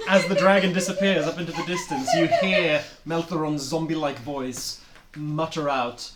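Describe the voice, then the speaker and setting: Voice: mid-range voice, big pitch swings, moderate pace. A game master narrating a tabletop game in a laid-back way, swearing and laughing with the players. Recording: echoey room with background noise.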